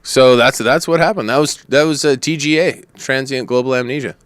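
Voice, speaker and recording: A man chatting as a podcast guest, telling a long story in a rambling, animated way and quoting others. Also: mid-range voice, a little fast, clean tone. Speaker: comedian guest.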